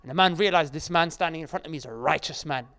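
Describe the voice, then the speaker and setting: A man preaching a lively sermon to a live audience in an Islamic centre, joking with the crowd and addressing it directly. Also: fairly high pitch, fast talker.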